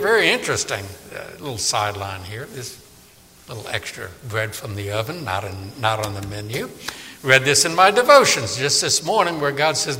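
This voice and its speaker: A man delivers a sermon with a bright, ringing voice that climbs and dips expressively. He keeps it conversational, tossing questions to his listeners, and his words trail off into a long hall reverb. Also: fairly high pitch. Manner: animated, conversational, asks the audience questions. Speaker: preacher. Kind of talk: sermon Bible study.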